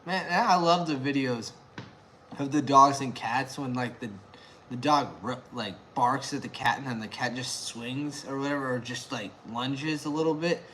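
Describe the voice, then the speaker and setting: A man chatting casually on a live stream at home, excitable and rambling, laughing often. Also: mid-range voice, moderate pace, slight background noise. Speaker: beer review vlogger.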